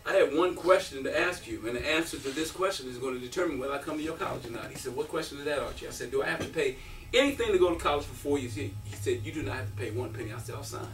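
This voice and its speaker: A man in his fifties, a former college basketball player, giving an animated storytelling speech at a breakfast event, acting out quotes and laughing often. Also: mid-range voice, rapid-fire, noisy background. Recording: roomy, from a distance.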